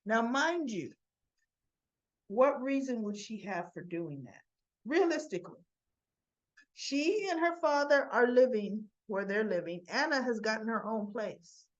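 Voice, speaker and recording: A woman chattily retelling a soap opera episode, animated, with frequent asides. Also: fairly high pitch, measured pace, dull audio. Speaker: soap opera recap vlogger. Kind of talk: casual recap of a TV episode.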